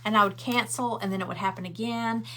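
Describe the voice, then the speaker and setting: A woman's voice: mid-range voice, fairly even intonation, fast. Woman, middle-aged, chatty crafting livestream host, rambling, answers comments. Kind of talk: casual chat while crafting.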